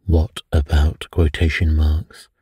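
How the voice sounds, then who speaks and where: Guy reading a calm priest sleuth, deep dark voice, takes his time. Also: slightly rough, dry recording, studio quality, heavily acted. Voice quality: unhurried, calm and reasoning. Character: calm, thoughtful middle-aged priest detective. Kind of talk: audiobook character reading.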